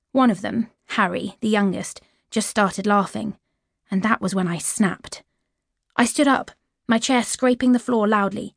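A woman's voice: medium pitch, measured pace, vocal fry, no room sound, clean studio sound. Woman narrating a children's audiobook.

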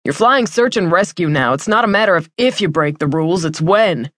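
A woman's voice: on the low side, animated, brisk, fairly bright tone, dry recording, studio quality. A woman voicing a cocky veteran male pilot. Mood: scoffing. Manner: teasing, scoffing.

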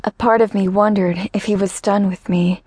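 A woman's voice: medium pitch, steady tone, normal speed, a little mellow, breathy edge, no echo. Woman narrating a romance audiobook, dry and close. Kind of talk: first-person scripted audiobook narration.

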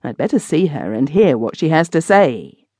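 A woman voicing an uneasy, hesitant middle-aged gentleman in an audiobook. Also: low voice, big pitch swings, husky, dry recording, clean studio sound, exaggerated voice. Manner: hesitant, straining to sound brisk. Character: uneasy middle-aged male master of the house. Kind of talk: audiobook reading.

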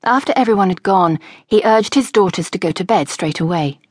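A woman narrating a historical novel audiobook in a measured storytelling manner. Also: mid-range voice, lively intonation, husky, dry recording, studio quality.

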